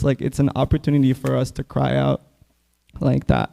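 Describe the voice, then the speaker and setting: A man gives a casual scripture class in a temple hall, filling his speech with "like". His voice is gravelly and dark, and his tone is mellow. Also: medium pitch, completely flat delivery, moderate pace. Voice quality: casual, full of "like" fillers.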